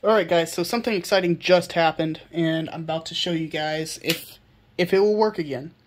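A woman's voice: lowish voice, fairly quick. Chatty woman vlogging a repair. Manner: chatty, thinking aloud, frequent restarts. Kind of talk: casual vlog narration.

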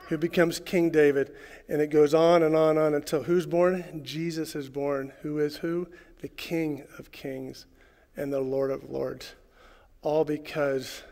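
A man preaching a sermon as pastor, swinging from loud, fervent lines to soft, hushed asides. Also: a little high, long reverb tail. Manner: preacherly, rising to shouts and dropping to hushed tones. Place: church sanctuary.

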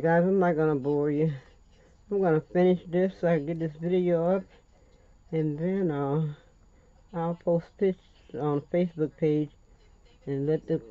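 A woman's voice: low-pitched, narrow, tinny audio. An older woman with a Louisiana accent hosting a chatty crafting tutorial, folksy and rambling, calling viewers honey.

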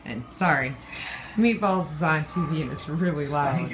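Mom vlogging on a handheld cam, kinda low voice, chatty and teasing, noisy background. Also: female voice, normal speed. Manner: chatty, teasing, talks straight to viewers. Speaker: family vlogger and mother. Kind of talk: casual family vlog chat. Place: home and grocery store, handheld camera. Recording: handheld camera with background noise.

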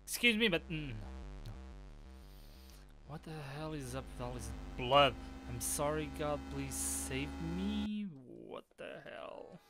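A man doing horror game commentary, swearing and breaking into sudden startled shouts. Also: fairly high pitch, lively intonation, measured pace, pauses often, music in the background. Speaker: gaming channel host.

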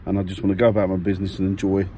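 A man's voice: deep voice, completely flat delivery, rapid-fire, mellow, slight background noise. A man vlogging casually to his viewers from his car, rambling and correcting himself as he talks. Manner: rambling, self-correcting, friendly. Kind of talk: casual vlog to camera. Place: parked car.

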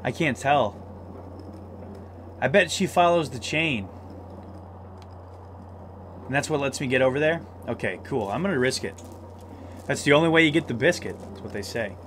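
Jumpy, lively gaming man. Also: mid-range voice, normal speed, long pauses, slight background noise. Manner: excitable, shouts in fright, talks himself through scares. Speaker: gamer. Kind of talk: let's play commentary.

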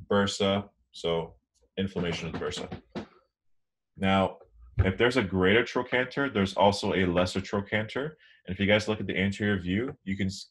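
Deep-voiced young man giving an anatomy lecture. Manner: relaxed, filler-heavy explaining. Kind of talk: online lecture.

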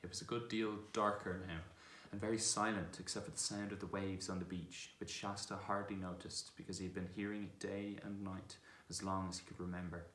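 A man narrates a children's storybook in a calm, measured way. His voice sits very low. The room around him is echoey. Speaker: reader.

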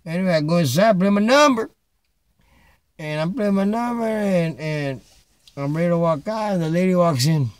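Animated man telling a street story. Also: high voice, normal speed, no room sound. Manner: animated, mixes Spanish phrases, repeats "man". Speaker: vlogger. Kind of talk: casual storytelling. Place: Chicago.

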